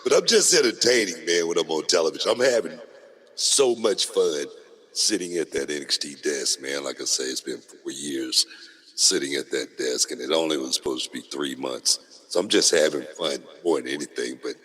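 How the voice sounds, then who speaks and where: A middle-aged man, hosting a casual podcast chat, animated, laughing often and repeating himself. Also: extremely low pitch, normal speed, slightly rough, in a large hall. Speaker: podcast host.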